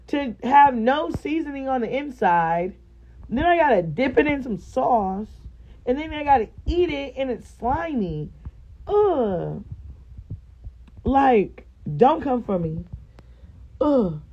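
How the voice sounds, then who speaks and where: Animated woman vlogging to her viewers. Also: high-pitched, slow pace, slightly rough, muffled recording. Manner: animated, expressive, talks straight to her viewers. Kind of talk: casual vlog chat to viewers.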